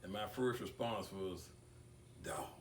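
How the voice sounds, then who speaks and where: An older man delivers a tribute at an awards ceremony, his low voice moving slowly and stopping to repeat words. He sounds distant, as if heard from across a reverberant room. A faint hiss of background noise sits under the speech. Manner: deliberate speaker who repeats words, with long pauses. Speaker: speaker giving a tribute. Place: banquet hall. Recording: echoey room picked up from far off.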